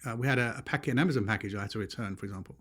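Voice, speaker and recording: A man's voice: on the low side, rapid-fire, a bit bright, slightly rough. A man with a London accent, co-hosting a podcast and telling stories in casual chat, acting out the people he quotes. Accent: London English. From England. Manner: dry, storytelling, mimics others in quoted voices. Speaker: podcast co-host.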